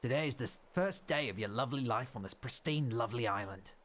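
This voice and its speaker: A man voicing a genial older male raccoon businessman in a video game, in a low, hushed, measured voice. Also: expressive, close to an everyday voice. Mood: genial, businesslike.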